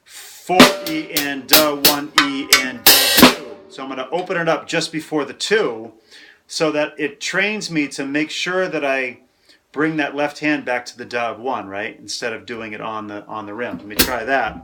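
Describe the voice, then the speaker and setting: A man teaching drums in a practice room, loud drum music filling the background. His voice sits at a middle pitch, and he counts beats aloud and vocalizes the rhythm as he walks through the groove. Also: normal speed. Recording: loud drum kit playing behind.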